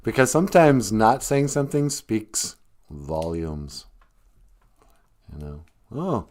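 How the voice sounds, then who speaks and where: Minnesotan male host, slow, lively pitch, joking monologue. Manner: rambling, joking, laughs at his own jokes. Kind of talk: comedic live-stream monologue.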